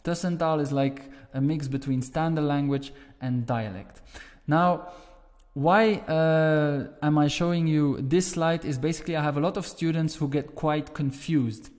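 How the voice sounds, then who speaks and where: A man with a Flemish accent teaches a lesson at a patient, steady pace and repeats sounds slowly so they can be heard. His voice sits a little high for a man. A long reverb trails behind his words. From Belgium. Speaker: language teacher. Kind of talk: explaining lesson to camera.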